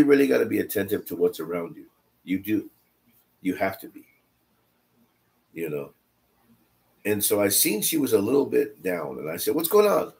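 A middle-aged man with a somewhat low voice leads a Bible study. He tells family stories in a loose, conversational way, repeating phrases for emphasis. His delivery swings between soft asides and loud, lively lines. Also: creaky. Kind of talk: casual storytelling in a Bible study.

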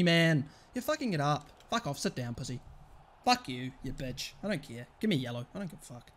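Young male streamer, volatile and foul-mouthed, pitch that leaps around between shouting and muttering. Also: very animated, a little fast. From England. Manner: swears constantly and rants at the game; swings from shouting outbursts to muttered grumbling. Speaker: gaming streamer. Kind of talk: live gameplay commentary.

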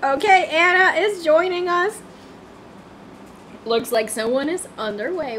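A woman streamer with a very high, bright voice chats casually while she plays. She is excitable and repeats herself in confused bursts. A faint hiss of noise sits behind her. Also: measured pace, long pauses. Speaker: livestreamer. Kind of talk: casual gameplay livestream chat.

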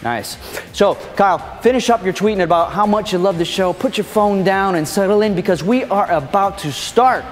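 A man's voice: high-pitched, moderate pace, in a large hall, faint music behind. A man hosting a comedy show with a playful, theatrical, mock-indignant delivery. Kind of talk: comedic scripted presentation.

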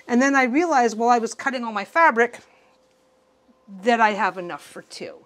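A woman hosting a casual sewing tutorial, talking in an excitable, rambling way and often repeating herself. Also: on the high side, normal speed. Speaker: quilting channel host.

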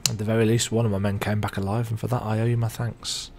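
A man's voice: fairly low pitch, level tone, fast talker, gravelly, darkish tone, faint music behind. A man reading the lines of a weary, solemn naval officer in a game. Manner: read-out game dialogue.

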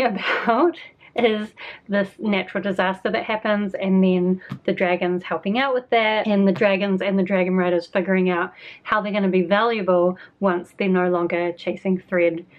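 A woman's voice: mid-range voice, steady tone, moderate pace. Young woman, New Zealand accent, casual book vlog, self-deprecating, slightly muffled sound. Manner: chatty and self-deprecating, with frequent fillers. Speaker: book vlogger.

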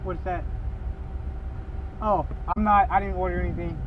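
High-voiced young man ranting in a car. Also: steady tone, moderate pace, lo-fi sound, background noise. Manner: loud, exasperated, swearing, shifts pitch often. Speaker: vlogger. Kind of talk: casual vlog rant. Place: in a car in a drive-thru line.

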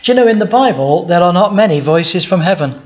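A man's voice: sits high, expressive, a little fast. A male pastor giving an emphatic Bible teaching sermon, asking the congregation rhetorical questions. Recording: dull lo-fi recording.

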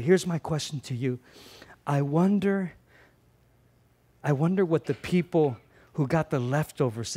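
Middle-aged pastor guy preaching hard, slightly high voice, goes loud then quiet, repeats himself for punch. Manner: passionate preaching, swings from loud emphatic lines to quiet earnest ones; repeats phrases for emphasis. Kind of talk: sermon.

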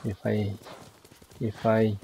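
A man's voice: on the low side, monotone, slow pace, vocal fry, warm tone, a little hiss or hum, rough recording. A man giving casual gameplay commentary, chatty and joking with the game as he plays.

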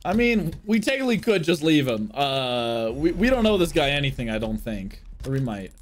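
A man's voice: on the high side, moderate pace. A young man casually commentating his gameplay for chat, joking and swearing often. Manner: excitable, jokey, swears a lot, talks to chat. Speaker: streamer.

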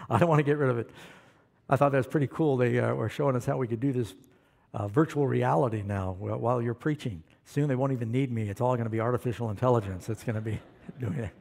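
A man preaching a sermon, animated and questioning the congregation, calling for amens. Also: mid-range voice, fast, vocal fry. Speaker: pastor.

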